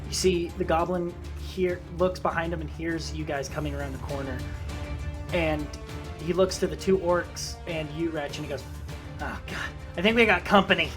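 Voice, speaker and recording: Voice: mid-range voice, steady tone, moderate pace, over music. A game master narrating a tabletop fantasy game in a casual, rambling way.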